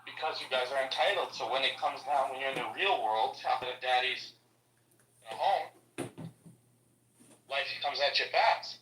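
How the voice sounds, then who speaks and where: A man's voice: medium pitch, normal speed, long pauses, a bit bright, a little hiss or hum. A man co-hosting a podcast, blunt and teasing in casual chat. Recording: echoey room, far from mic.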